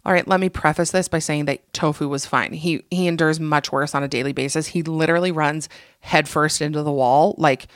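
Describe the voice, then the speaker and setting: A woman hosting a casual solo podcast, telling sarcastic, animated stories into a close mic. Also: low voice, a little fast, no echo. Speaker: podcast host.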